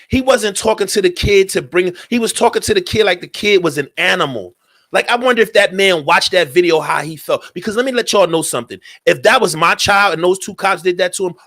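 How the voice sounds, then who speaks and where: A man's voice: sits high, brisk, sharp tone. A man hosting a talk radio show, speaking in a heated, profane commentary and repeating his points.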